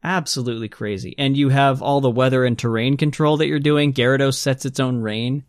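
A man's voice: mid-range voice, steady tone, a little fast, no echo, studio quality. A man hosting a casual gaming podcast, explaining things at length with enthusiasm. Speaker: podcast host.

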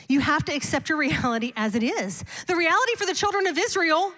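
A middle-aged woman pastor preaching a sermon, telling a personal story in an animated, emphatic way with repeated refrains. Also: sits high, fast talker, few pauses. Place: large church auditorium. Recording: long hall reverb.

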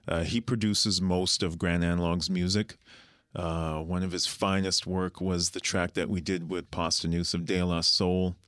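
Musician guest, low male voice, an animated storyteller, dry studio sound. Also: clean tone, no room sound. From Canada. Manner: animated storyteller who acts out the people he quotes. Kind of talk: casual interview chat.

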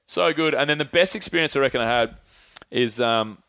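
A man's voice: medium pitch, fairly quick, bright, forceful tone, smooth, no room sound. Laid-back swearing man. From Australia. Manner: laid-back, swears freely, acts out quoted voices. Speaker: podcast guest. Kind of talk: casual storytelling chat.

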